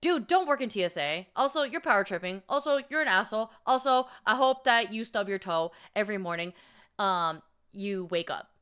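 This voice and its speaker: A young woman vlogger telling stories in casual chat, profane and animated, often laughing and acting out quotes. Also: medium pitch, brisk, clear, resonant tone.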